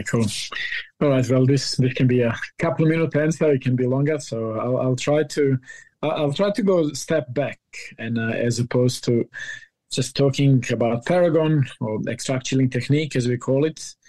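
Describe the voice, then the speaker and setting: A man being interviewed as a coffee expert, explaining technical details in a careful, halting way. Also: mid-range voice, darkish tone, poor audio.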